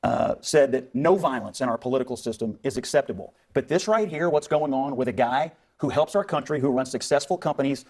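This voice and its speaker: A man on a televised panel debate, arguing forcefully and talking over others. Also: mid-range voice, animated, brisk, hardly any pauses. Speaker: panel commentator.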